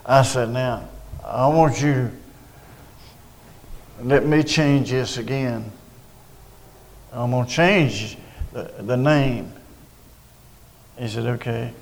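An older man, telling a personal story of faith in a rambling, halting way with many restarts. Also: mid-range voice, steady tone, a little mellow, in a large hall, rough recording. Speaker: storyteller recounting a personal witness. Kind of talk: casual spoken testimony.

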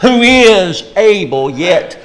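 A middle-aged man preaching a fervent sermon, rising to shouts on key phrases. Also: sits high, expressive, slow, a crowd in the background, poor audio. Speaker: pastor.

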